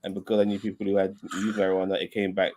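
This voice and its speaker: A man's voice: deep voice, monotone, rapid-fire, darkish tone. A man streaming in casual chat, rambling, repeating himself and swearing a lot.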